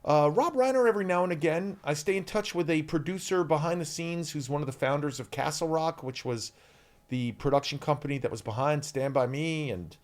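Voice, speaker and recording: Talking fairly quickly in a slightly high voice, an actor in his fifties guests on a podcast interview, spinning animated stories full of ums and performing quotes that were shouted.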